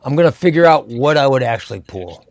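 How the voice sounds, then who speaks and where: A man's voice: mid-range voice, lively intonation, a crowd in the background. A man hosting a casual comics chat, reading out titles and deciding which to buy. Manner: reads titles aloud and decides quickly. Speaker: comic show host.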